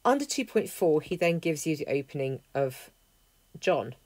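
A woman teaching a language lesson, explaining clearly and methodically, working through a text word by word. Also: sits low, sing-song, normal speed, a little mellow, dry recording. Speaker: Greek teacher. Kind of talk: lesson walkthrough.

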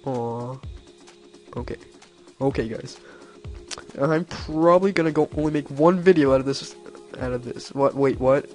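A man giving let's-play commentary, excitable and silly, breaking into shrieking high-pitched yelps whenever he fails. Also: measured pace, pauses often, soft background music. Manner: silly self-mocking banter. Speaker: gameplay commentator.

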